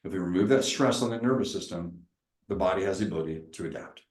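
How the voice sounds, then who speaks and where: Energetic man giving a talk, roomy echo. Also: low voice, fast talker. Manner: lively, preacherly, acts out little dialogues. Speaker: chiropractor giving a presentation.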